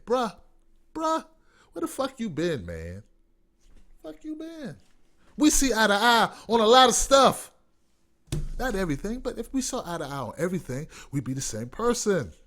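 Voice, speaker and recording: Guy hosting a live online rant show, cussing and sarcastic, highish voice that swings all over. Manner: profane, sarcastic, animated ranting. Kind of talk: livestream commentary rant.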